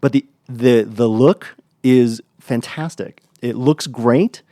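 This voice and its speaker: A man's voice: medium pitch, takes it slowly, warm tone, no echo, clean studio sound. A man co-hosting a podcast in casual chat, blunt and enthusiastic, with frequent fillers and restarts. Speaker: podcast co-host.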